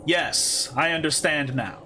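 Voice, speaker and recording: A man voicing a vast, calm alien space god, curious and sorrowful, who speaks slowly and solemnly in a lowered voice. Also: noisy background. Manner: slow, solemn, low-pitched delivery.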